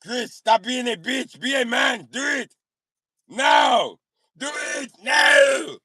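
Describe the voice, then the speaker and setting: A man putting on an Austrian accent to play a bossy, shouting tough guy who barks the same orders over and over. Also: very high-pitched, takes it slowly, no room sound, clean studio sound, pitched above the performer's own voice, heavily acted. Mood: barking orders. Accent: put-on Austrian. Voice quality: gravelly, barking. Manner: commanding, repeats orders, mock-macho.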